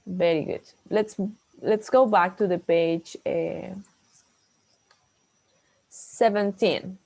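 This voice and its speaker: A woman's voice: fairly low pitch, steady tone, slow, gravelly, darkish tone. Bilingual woman teaching an English class. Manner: explains in English, then repeats in Spanish.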